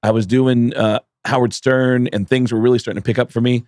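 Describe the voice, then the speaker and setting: Man, comedy podcast co-host, lively storyteller, dry close-miked studio sound. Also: mid-range voice, brisk, no room sound. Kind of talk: casual comedic chat.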